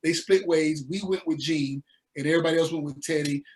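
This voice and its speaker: A man from the American South, a musician guest telling his story in a laid-back, animated way with slang. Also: a little high, brisk. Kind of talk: casual interview storytelling.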